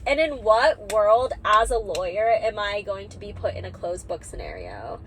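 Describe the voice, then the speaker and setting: A woman's voice: mid-range voice, sing-song, moderate pace, fairly bright tone. A young woman, talking candidly in a casual vlog and using many fillers like "like". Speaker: vlogger. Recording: noisy background.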